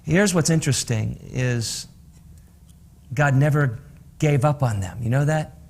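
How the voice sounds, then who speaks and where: A man's voice: medium pitch, unhurried, gravelly, a little mellow, breathy edge. A man on a talk show giving earnest, encouraging advice to parents in a preachy way. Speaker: co-host, counselor.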